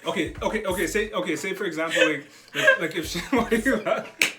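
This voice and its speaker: A man, the host's brother, telling casual stories in an animated way, often repeating words as he gets going. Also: sits high, fast, very noisy. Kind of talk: casual storytelling. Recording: background music.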